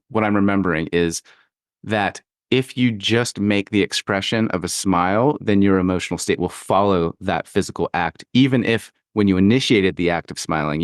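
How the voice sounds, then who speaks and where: A man's voice: lowish voice, no room sound, clean studio sound. A man hosting a podcast interview, speaking thoughtfully with restarts and light laughter. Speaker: podcast host.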